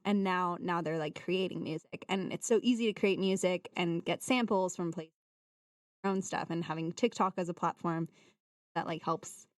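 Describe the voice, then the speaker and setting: A woman's voice: lowish voice, moderate pace, dry recording, studio quality, distant mic. A woman, a songwriter guest, rambling in casual chat with many fillers. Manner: rambling, lots of "like".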